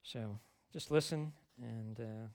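A man's voice: medium pitch, slow, gravelly, darkish tone, no room sound. Earnest conversational male pastor, dry sound. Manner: conversational, earnest, rising to emphatic stresses. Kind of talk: sermon.

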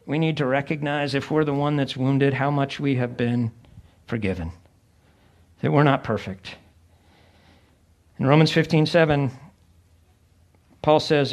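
A middle-aged male pastor preaching a sermon in a conversational way, acting out the voices of people he quotes. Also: medium pitch.

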